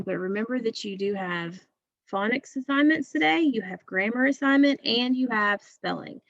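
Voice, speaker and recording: A woman teacher walks young students through a recorded lesson, steady and patient, checking in with an okay every few sentences. Her voice is dry and close, with no room around it. The sound is slightly dull and muffled. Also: a little high, vocal fry, dry recording. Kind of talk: recorded remote class lesson.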